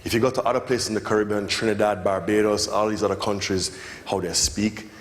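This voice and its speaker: A man from Jamaica speaking on stage in an interview lecture, animated and storytelling, acting out voices and often asking "you know what I mean". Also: lowish voice, fairly quick, slight background noise. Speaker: music producer guest. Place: lecture hall. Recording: long hall reverb, faint room ambience.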